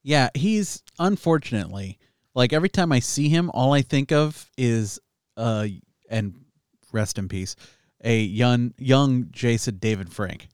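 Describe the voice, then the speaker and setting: A man's voice: medium pitch, lively intonation, unhurried, smooth, no echo, clean studio sound. A man co-hosting a casual movie review podcast, laid-back and agreeable, mostly chiming in with short replies. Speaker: podcast co-host.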